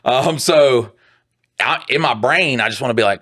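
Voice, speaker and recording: A man co-hosting a podcast, telling a story in casual chat, animated and swearing freely, acting out what other people said. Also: mid-range voice, moderate pace, no echo, clean studio sound. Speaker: podcast co-host.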